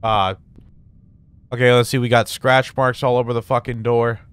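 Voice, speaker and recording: In clean audio with no echo and faint music behind, a young YouTuber's mid-range voice stays fairly flat in pitch at normal speed. He narrates a horror game let's play casually and profanely, jumpy and nervous, laughing anxiously and addressing the characters.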